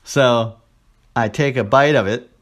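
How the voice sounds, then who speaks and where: A man's voice: medium pitch, a little slow. Guy on a podcast telling a crude travel story, doing little voices, joking around. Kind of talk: casual chat.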